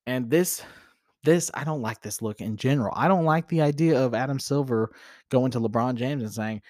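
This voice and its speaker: A man's voice: mid-range voice, moderate pace, darkish tone, no echo, clean studio sound. A man hosting a solo sports talk show, rambling and opinionated, with frequent restarts and fillers. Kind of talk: casual solo sports commentary.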